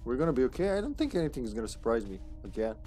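A man's voice: medium pitch, big pitch swings, very fast, dark tone, faint music behind. Chatty man streaming a game. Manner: chatty, rambling, laughs often. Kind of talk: casual gameplay commentary.

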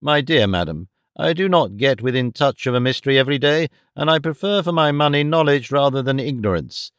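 A man voicing a composed, sceptical gentleman in an audiobook, measured and sardonic. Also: medium pitch, animated, clean tone, no room sound, clean studio sound. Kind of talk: audiobook reading.

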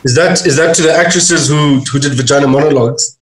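A young South African man co-hosts a comedy podcast, reading tweets aloud, joking, and laughing often in casual chat. He talks quickly in a slightly high voice, and the room adds a noticeable echo.

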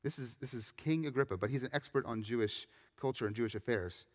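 Young pastor preaching in an echoing hall. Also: male voice, mid-range voice, fast. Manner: animated storytelling, acts out quoted voices. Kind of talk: sermon. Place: church sanctuary.

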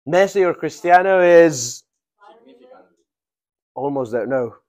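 Speaking slowly and expressively, a man with a somewhat high, darkish voice leads a live English grammar class. He repeats phrases, laughs, and makes sure his students are keeping up.

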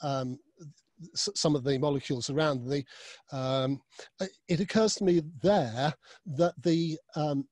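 A man's voice: on the high side, unhurried, darkish tone, no room sound. Hesitant man asking a question, dry. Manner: hesitant, many fillers. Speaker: audience questioner.

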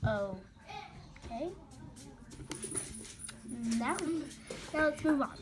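A woman with a high voice chats slowly and casually as a vlogger, reacting excitedly to her screen with gasps and exclamations. Music plays clearly underneath her voice. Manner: excitable, gasping and exclaiming at what she sees. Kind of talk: casual screen-recording commentary. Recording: music clearly audible behind voice.

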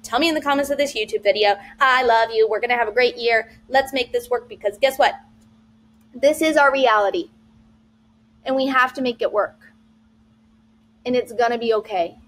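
A woman's voice: fairly high pitch, a bit bright, a little hiss or hum. A woman Spanish teacher talking other teachers through an online lesson, bubbly and playful, mixing in Spanish phrases. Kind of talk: teacher vlog walkthrough.

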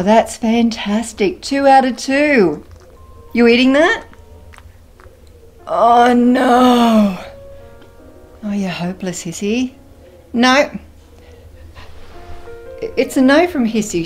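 Bubbly woman reviewing snacks. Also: on the high side. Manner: enthusiastic, playful, savoring sounds. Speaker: food taste-test vlogger. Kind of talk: casual chatty food review.

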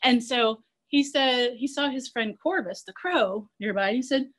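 Energetic woman zoo educator teaching kids. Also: on the high side, moderate pace. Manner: energetic, playful, leads kids in chanting and running. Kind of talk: online class for children.

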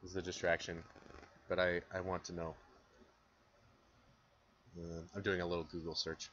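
A young man giving a casual philosophy lecture with a bright, forceful edge to his fairly low voice. He talks in a chatty, self-deprecating way and acts out his examples. The recording sounds a bit dull and lo-fi. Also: flat delivery, moderate pace, slight background noise.

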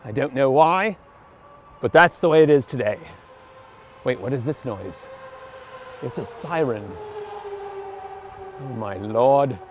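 A man's voice: medium pitch, expressive, slow pace, pauses often. A man riding a bicycle around town and talking to himself, arguing back and forth in two voices and drifting in and out of a half-British accent. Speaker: vlogger. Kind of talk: rambling talk to himself while cycling. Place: outdoors on quiet town streets, riding a bicycle. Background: faint street and traffic noise.

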